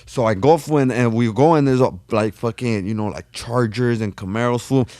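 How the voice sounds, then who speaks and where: A man talking on a podcast in a slangy, loose, profane way, and he keeps calling his listener "fool." His voice sits at an ordinary pitch. He is recorded dry and close to the mic, with no room sound. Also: fairly quick, a little mellow, dry recording. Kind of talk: casual chat, storytelling.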